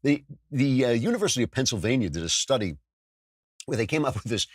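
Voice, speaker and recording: A sardonic male talk show host with a husky, slightly rough voice, recorded dry and close to the mic. His pitch rises and falls with a lively, animated swing as he riffs and trips over his own restarts. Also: fast, dry recording. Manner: sardonic, self-mocking, stumbling restarts. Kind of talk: podcast monologue with ad read.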